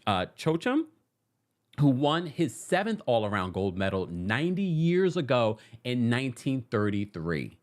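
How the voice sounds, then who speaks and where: Animated, dramatic pop culture host. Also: mid-range voice. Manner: dramatic and animated, laughs often. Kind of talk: casual pop culture commentary.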